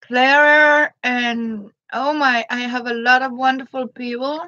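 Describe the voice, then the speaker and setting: A woman, chatting gently on a live stream and greeting her viewers by name. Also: high voice, flat delivery, a little slow, dry recording, highs cut off. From Denmark. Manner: greets viewers by name between thoughts, gentle, frequent soft laughs. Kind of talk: casual live-stream chat.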